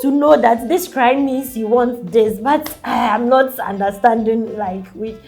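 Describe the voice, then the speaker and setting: A woman's voice: on the high side, measured pace, a little mellow, faint music behind. A young woman with a Ghanaian English accent, a mother talking casually in an interview, with lots of "like" and light laughs. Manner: chatty, peppered with "like" and laughs. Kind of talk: casual chat.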